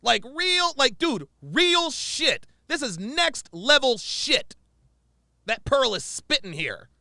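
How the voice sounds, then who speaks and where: A man's voice: extremely high pitch, sing-song, slow pace, gravelly, sharp tone, no echo, studio quality. A man giving profane, exasperated reaction commentary, repeating his points with emphasis.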